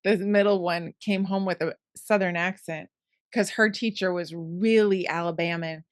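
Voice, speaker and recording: A woman co-hosting a podcast in casual chat, who laughs often and is quick to agree. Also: on the low side, steady tone, no room sound, clean studio sound. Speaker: podcast co-host.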